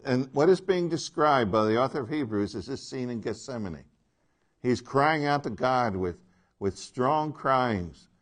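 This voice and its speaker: Slow, emphatic male Bible teacher. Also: medium pitch, lively intonation. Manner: slow, emphatic, asks the class questions. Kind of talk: classroom Bible lesson.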